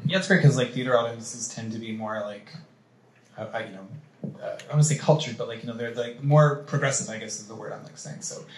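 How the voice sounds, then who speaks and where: A man's voice: mid-range voice, quick pace, roomy sound, poor audio. A man moderating a panel in a casual way, hedging with lots of filler words. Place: cultural institute event hall.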